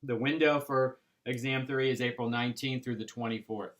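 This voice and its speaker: A man teaching an algebra class, explaining step by step in a patient way with frequent pauses and "right?" checks. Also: medium pitch, steady tone. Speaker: math instructor. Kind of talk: recorded classroom lecture.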